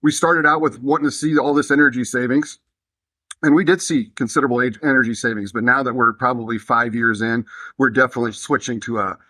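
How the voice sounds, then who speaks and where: A man's voice: mid-range voice, steady tone, fast talker, pushed and bright, no echo. A man who manages university maintenance, answering interview questions casually with frequent fillers and restarts.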